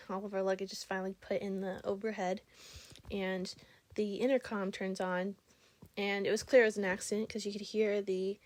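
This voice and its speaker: A woman's voice: medium pitch, no echo. A young adult woman vlogging casually, telling stories in a rambling, chatty way full of fillers and giggles. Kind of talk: casual storytelling vlog.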